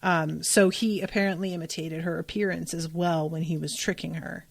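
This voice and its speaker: A woman's voice: fairly low pitch, gravelly, no room sound, studio quality. A woman hosting a podcast, recapping an episode in a loose, conversational way, full of "like" fillers and blunt swearing. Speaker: podcast host.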